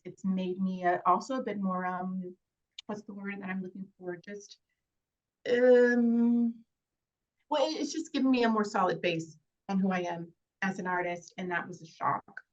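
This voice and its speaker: A woman, an actress, talking in an interview in a heartfelt, halting way with many fillers and restarts. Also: medium pitch, lo-fi sound. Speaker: actress guest. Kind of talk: casual interview chat.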